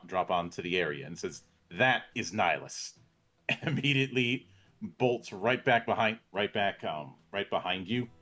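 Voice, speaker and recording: A man's voice: lowish voice, a bit bright. A man narrating as game master for a tabletop game, often restarting his phrases and chuckling as he describes the scene.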